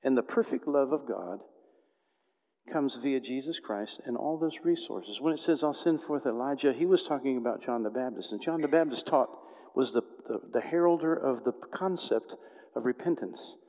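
A male preacher tells a personal story in an animated sermon, jumping from loud bursts to quiet, hushed moments. His voice sits in a middle pitch. A long reverb trails his words, as from a large hall. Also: normal speed. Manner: animated, swings between loud outbursts and hushed tones.

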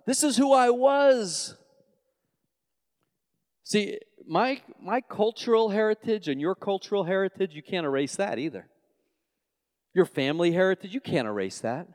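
A man from Long Island preaches in a large hall with a long reverb. His fairly high voice jumps between loud, emphatic bursts and hushed, low asides. He often stumbles and restarts as he pushes through his points. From New York, Long Island. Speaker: pastor. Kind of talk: sermon.

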